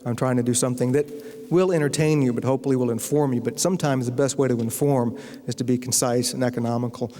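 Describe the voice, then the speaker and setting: A man's voice: mid-range voice, fairly even intonation, quick pace, warm tone. A man from Virginia, a novelist, giving a humorous lecture full of anecdotes and telling stories in a wry way. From Virginia, USA. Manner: wry storyteller, acts out quoted voices. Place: university lecture hall. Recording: long lecture-hall reverb.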